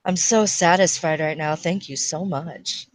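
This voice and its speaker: A woman guest on a casual live-stream chat, speaking quickly and apologetically. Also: on the low side, dry recording.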